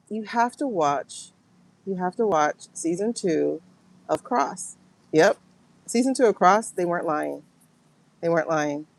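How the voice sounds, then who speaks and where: Emotional woman with a gravelly voice. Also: lowish voice, lively intonation, unhurried, pauses often, poor audio. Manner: emotional, exclaiming, talks to viewers as "girl". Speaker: tarot and pendulum reader. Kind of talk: livestream spiritual reading.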